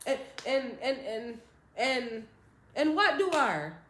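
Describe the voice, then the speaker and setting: Brief: a young woman vlogger, animated and high-pitched, recorded in a roomy space. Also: slow pace. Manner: animated, acts out other people's voices. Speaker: storytime vlogger. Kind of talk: casual storytelling. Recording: roomy echo.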